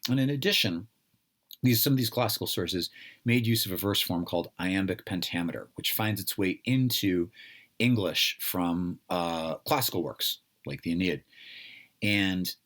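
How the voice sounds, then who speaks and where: Low-voiced man giving a casual lecture. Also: normal speed, a bit bright. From United States. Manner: conversational, with many fillers and asides. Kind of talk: informal lecture.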